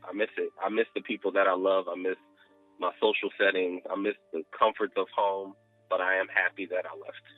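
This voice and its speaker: Low-voiced Baltimore man on a phone line. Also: level tone, a little fast, no echo, soft background music. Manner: candid and earnest, with filler "uh". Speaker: interviewee. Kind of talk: personal testimony.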